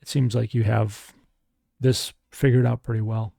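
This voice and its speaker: A man's voice: medium pitch, level tone, moderate pace, gravelly, dark tone, no echo, studio quality. A man voicing a male starship commander who presses with questions and reasons things out. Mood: pressing.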